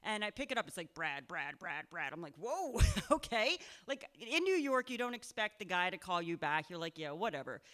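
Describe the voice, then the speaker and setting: Young woman, live storyteller, chatty and self-mocking, mid-pitched, lots of fillers. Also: sharp tone, smooth. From Pennsylvania. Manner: chatty, self-deprecating, laughing often, full of "like" and "um". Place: live show in a cultural center.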